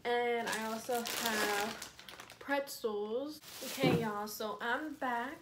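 A young woman, chatting casually and relaxed on her vlog, with lots of fillers. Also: fairly high pitch, slow pace, background noise. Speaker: YouTuber. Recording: music playing behind the voice.

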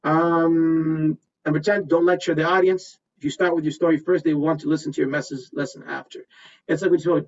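A man teaching a presentation skills workshop in an energetic, repetitive way, often checking in with "right?". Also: a little high, a little fast. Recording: distant, slightly dull recording.

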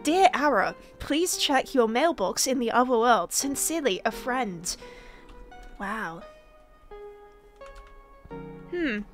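A woman's voice: on the high side, lively intonation, unhurried, soft background music. A young woman giving silly, theatrical commentary over a Minecraft video, often stumbling and restarting her words. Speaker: Minecraft YouTuber. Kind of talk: playful gameplay commentary.

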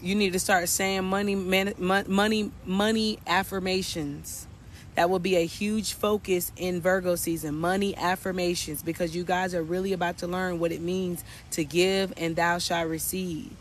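A man's voice: high-pitched, flat delivery, normal speed, slight background noise. A man working as a spiritual coach, giving a casual, preachy reading to viewers and repeating his points. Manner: preachy, repetitive, addresses viewers as y'all.

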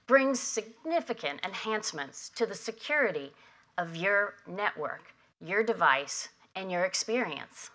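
A woman delivering prepared opening remarks at a conference, measured and emphatic, at a podium microphone. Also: medium pitch, pushed and bright. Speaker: industry association head giving opening remarks. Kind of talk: prepared keynote speech. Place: conference hall.

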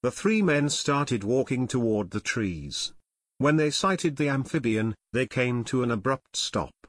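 Steady male audiobook narrator. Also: mid-range voice, a little slow, no room sound, studio quality. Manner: steady storytelling. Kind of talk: scripted narration.

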